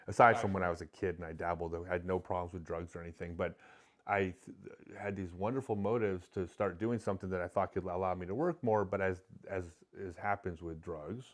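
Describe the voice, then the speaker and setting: A man's voice: low-pitched, steady tone, fairly quick. Middle-aged man telling a confessional story. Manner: emotional, confessional, many restarts. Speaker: podcast guest. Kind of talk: candid storytelling in conversation.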